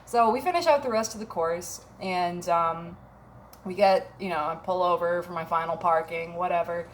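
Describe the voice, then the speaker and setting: A woman's voice: fairly low pitch, normal speed, slight background noise. Wry self-mocking woman telling a story. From Minnesota. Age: 30s. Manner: wry, self-mocking, swears freely, laughs often. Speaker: vlogger. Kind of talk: casual storytelling vlog.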